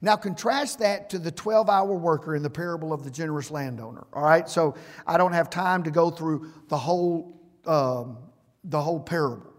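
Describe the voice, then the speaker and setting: A high-pitched man with a drawl preaches from the pulpit, pressing hard on some words and dropping to near-quiet on others. His voice rings with a long hall reverb, as in a church sanctuary. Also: moderate pace. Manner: emphatic preaching with swings from loud to hushed. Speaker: pastor. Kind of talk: sermon.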